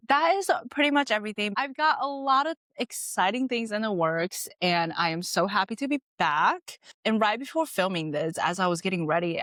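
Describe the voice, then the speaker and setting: A woman's voice: medium pitch, fairly bright tone, no room sound, clean studio sound. A young woman hosting her own podcast, talking in a loose, free-flowing way full of "like" and "you know". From moved to America at age ten. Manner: chatty, free-flowing, lots of "like". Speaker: podcast host. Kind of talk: casual chat.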